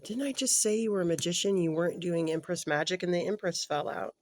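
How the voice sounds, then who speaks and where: A tarot reader with a mid-range voice reads casually for a client who isn't seen, musing aloud in a halting, self-correcting way. The manner is gentle and sympathetic, sometimes sinking into a soft murmur.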